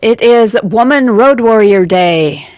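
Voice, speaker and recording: A woman's voice: on the high side, animated, takes it slowly, darkish tone, no echo. A middle-aged woman co-hosting morning radio, chatting and reading lists conversationally in a studio. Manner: conversational, reads lists, trails off. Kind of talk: casual radio chat. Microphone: studio mic.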